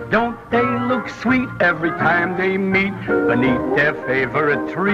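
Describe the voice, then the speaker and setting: A smooth flirtatious crooner. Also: male voice, fairly high pitch. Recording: dull lo-fi 1930s film sound with orchestra.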